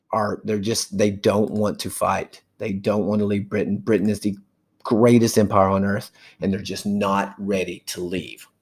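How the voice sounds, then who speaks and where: A man's voice: on the low side, a little mellow. A man giving a casual history lecture, chatting and briefly acting out historical figures. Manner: chatty, acts out historical figures in quick asides. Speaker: history teacher.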